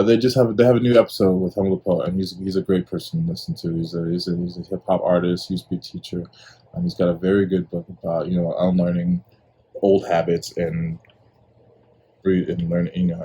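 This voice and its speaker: With a low, warm voice that has a breathy edge, a young man hosts his podcast solo. His commentary is casual and laid-back, wandering along with lots of fillers.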